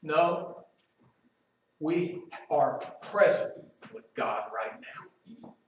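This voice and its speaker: A high-voiced man preaches a slow, deliberate sermon, swinging from loud emphatic quoting to hushed reflection. He is heard from a distance in a very echoey church room. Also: lively intonation, a little hiss or hum. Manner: emphatic, rises loud when quoting Job, drops quiet and slow to reflect. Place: church sanctuary.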